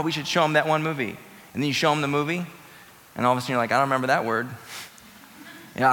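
A man's voice: mid-range voice, creaky, bright, forceful tone. A man preaching a sermon as pastor, emphatic and conversational, repeating phrases for weight. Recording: reverberant hall.

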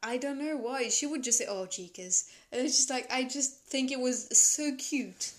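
Woman podcast co-host, giggly storyteller, a bit high-pitched. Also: steady tone, moderate pace. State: hiccups. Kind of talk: casual podcast chat.

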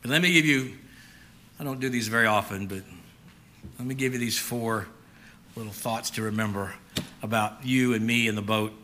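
A man preaching a sermon, swinging between loud emphatic lines and hushed near-whispers, and acting out a frightened Peter in the first person. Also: medium pitch, normal speed, long pauses, a little hiss or hum. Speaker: pastor.

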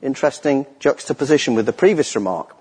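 A middle-aged lay preacher delivers an earnest, emphatic church sermon, repeating key phrases for weight. His medium-pitched voice is expressive, fast, a little mellow, and slightly rough. The echoey church hall adds long reverb.

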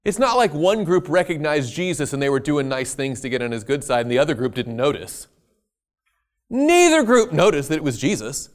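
A man preaching a sermon, stressing key words loudly and then dropping to quiet asides. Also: on the high side, very animated, fairly quick. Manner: emphatic, swinging between loud stresses and quiet asides.

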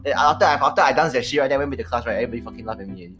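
Very fast-talking young man. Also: medium pitch, fairly bright tone, faint music behind. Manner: rapid, storytelling, swears. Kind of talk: casual chat.

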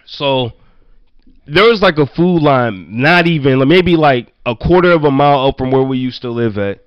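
A man from Virginia telling childhood stories in casual chat, loose and profane, full of "like" and quick laughs. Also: medium pitch, clean tone, no echo, highs cut off. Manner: loose, profane, laughing anecdotes with many "like" fillers. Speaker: storyteller.

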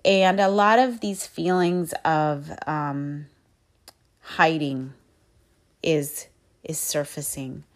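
A woman hosting a podcast, talking through her feelings in a candid, reflective monologue, soft-spoken and pausing often to find her words. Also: low-pitched, steady tone. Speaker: podcast host.

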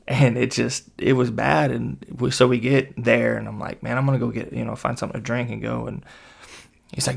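A man's voice: mid-range voice, fairly quick, creaky, husky. A young man casually telling a rambling story, full of fillers and acted-out quotes. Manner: rambling, animated, lots of fillers, acts out quotes.

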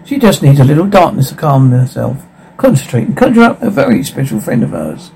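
A man's voice: mid-range voice, very animated, brisk, creaky, dark tone, slightly rough, full character voice, rough recording. A man reading the lines of a showy male circus ringmaster with a barker's delivery.

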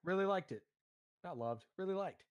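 A man's voice: high voice, lively intonation, normal speed, clean tone, dry recording, highs cut off. A man co-hosting a casual comedy podcast who jokes constantly, laughs often and slips into silly voices. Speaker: podcast co-host.

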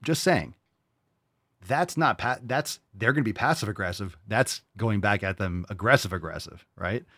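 A man's voice: fairly low pitch, animated, normal speed, pushed and bright, no room sound, clean studio sound. A young adult man hosting a podcast, answering listener questions in a blunt, heated, profane rant and mocking other people in a raised voice. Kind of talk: casual rant.

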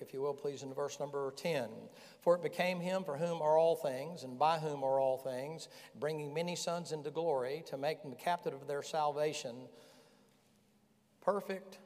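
A man preaching a sermon as pastor, folksy and animated, firing rhetorical questions at the congregation. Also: a little high. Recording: long reverb in a large hall.

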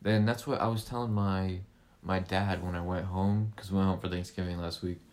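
A young man with a notably deep, low voice talks loosely with a friend on their homemade podcast. He circles around his points, restarting sentences and leaning on fillers as he goes. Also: flat delivery, fairly quick, darkish tone. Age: young adult. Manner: rambling, many restarts and fillers. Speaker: podcast co-host. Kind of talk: casual chat.

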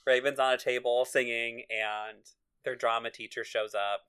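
A woman's voice: very deep voice, flat delivery, normal speed, a bit bright, clear, resonant tone. Woman co-host, casual recap chat, laughs through her retelling. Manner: giggly, laughs often while retelling scenes. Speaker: podcast co-host.

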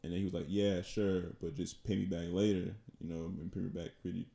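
Gravelly low man telling a story. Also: flat delivery, mellow. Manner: halting, repeats words, laughs between lines. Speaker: podcast co-host. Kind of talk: casual storytelling. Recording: echoey room.

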